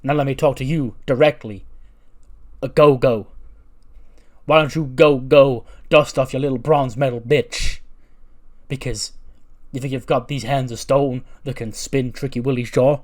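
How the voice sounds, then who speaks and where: A man's voice: mid-range voice, steady tone, a little slow, pauses often, a little mellow, natural voice. A man voicing a brash male wrestler who taunts his rival in a sing-song way. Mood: taunting. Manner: trash-talking, taunting, sing-song chants.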